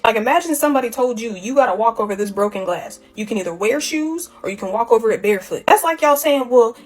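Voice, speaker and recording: High-voiced woman lecturing bluntly. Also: rough recording. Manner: lecturing, blunt, uses analogies. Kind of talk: casual opinion video.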